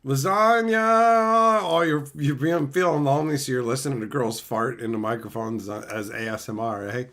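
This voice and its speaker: A man's voice: mid-range voice, steady tone, fairly quick, hardly any pauses. A man hosting a casual livestream, reading chat aloud in a laid-back, joking way. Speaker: streamer host.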